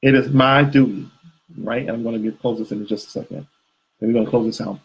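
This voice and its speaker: A man's voice: lowish voice, level tone, quick pace, gravelly, dark tone, slightly rough, low-quality recording. A man co-hosting a live couples show, talking casually and rambling with fillers and restarts. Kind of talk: live video chat with viewers.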